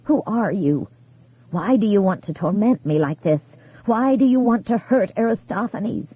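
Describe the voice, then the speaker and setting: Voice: mid-range voice, expressive, moderate pace, husky, no echo. A narrator voicing a frail old widow, weak and quavery, frightened and angry. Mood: angry, panicked. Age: older. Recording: tinny phone-like sound.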